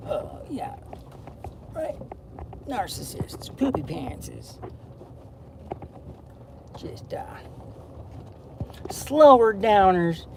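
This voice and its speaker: Gravelly young man rambling in a car. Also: high-pitched, slow, pauses often, background noise. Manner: excitable, jumps between topics, swings from loud to murmured. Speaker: vlogger. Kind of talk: rambling casual monologue. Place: inside a car.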